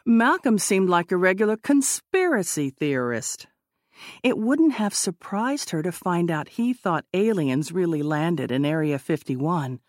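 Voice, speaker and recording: A woman narrating an audiobook in a measured, expressive way. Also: on the low side, dry recording, studio quality.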